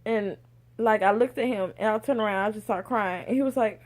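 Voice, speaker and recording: A young adult woman telling a personal story in a casual vlog, animated and acting out what others said. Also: mid-range voice, fairly quick. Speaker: vlogger.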